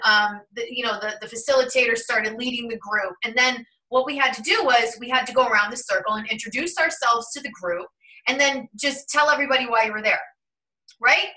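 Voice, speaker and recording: A woman in her thirties from Ohio, hosting a spiritual channel and telling a personal story in a casual, animated way, acting out what people said. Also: on the high side, distant mic, poor audio. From Ohio, USA. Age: 30s. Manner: animated storyteller, acts out quoted remarks. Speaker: host of a tarot and numerology channel.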